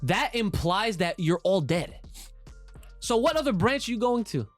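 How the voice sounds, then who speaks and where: A young man hosts a loose, profane podcast chat, his voice sitting fairly high and swinging widely in pitch. He laughs often and reads out listener comments. Faint music plays underneath. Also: big pitch swings, measured pace, no room sound. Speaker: podcast co-host.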